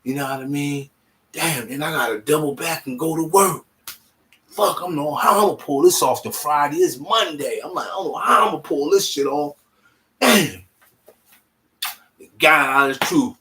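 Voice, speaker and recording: A young man telling a personal story in casual, animated street slang, swearing freely. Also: on the high side, moderate pace, long pauses. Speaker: vlogger.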